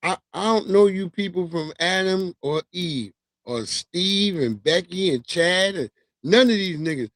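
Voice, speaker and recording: A man's voice: high-pitched, expressive, unhurried, a bit bright, no room sound. A man hosting a livestream, talking in a loose, profane, slangy way and laughing as he tells stories. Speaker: livestream host. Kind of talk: casual commentary monologue.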